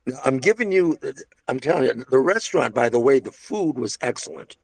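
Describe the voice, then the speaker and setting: A man's voice: medium pitch, lively intonation, a little fast, vocal fry, darkish tone, no echo. An older man reminiscing casually about his restaurant days, a rambling storyteller full of restarts and asides. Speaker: interviewee recalling restaurant days.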